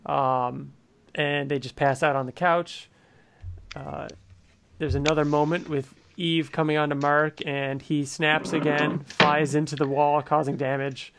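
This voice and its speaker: A man's voice: on the high side, flat delivery, unhurried, gravelly, noisy background. A man co-hosting a podcast, recapping a comic in casual chat, enthusiastic and laughing often. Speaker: podcast co-host. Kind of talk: casual comic book discussion.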